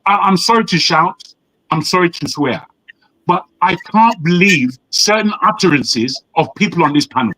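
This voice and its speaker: A man's voice: high-pitched, lively intonation, moderate pace, sharp tone, dry recording, rough recording. A man from Nigeria, hectoring a panel with heated rhetorical questions. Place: living in the West.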